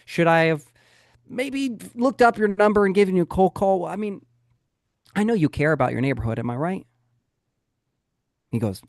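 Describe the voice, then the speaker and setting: Guy hosting a coaching webinar, animated storyteller, highish voice, dry sound. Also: moderate pace, pauses often, no room sound. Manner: animated storytelling, acts out dialogue. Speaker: real estate coaching webinar host. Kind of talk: live coaching webinar talk.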